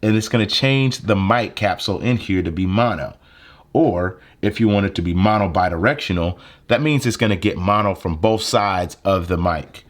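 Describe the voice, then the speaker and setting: A young tech video creator gives a casual gear tutorial on a phone video-editing setup and a plug-in mic, recorded on a handheld phone mic. He sounds relaxed and conversational, full of fillers, with a low voice at a moderate pace.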